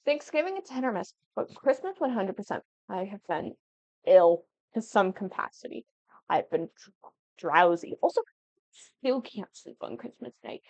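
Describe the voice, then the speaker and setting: Very animated and at a moderate pace, a 19-year-old woman on YouTube chats over her gameplay at home, giggling and rambling from one thought to another. Her voice is medium-pitched, recorded dry and lo-fi with a dull sound and no room sound.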